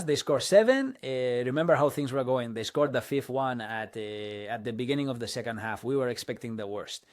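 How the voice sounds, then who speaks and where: A man delivers a dubbed football opinion monologue at a middle pitch, rambling through fillers and restarts. He keeps breaking into indignant bursts. The recording is dry and close, with no room sound. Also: dry recording. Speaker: football commentator.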